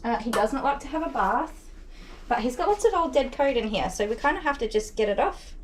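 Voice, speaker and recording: A young woman narrates a grooming session to her camera, her voice sitting a little high for a woman. She talks in a relaxed, chatty way, going slower and quieter when she soothes an anxious dog. A faint hum of the salon runs behind her. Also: low-quality recording. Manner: switches to a slower, quieter, calmer voice for anxious dogs. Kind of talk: casual vlog narration while working. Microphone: camera mic, sometimes set at a distance.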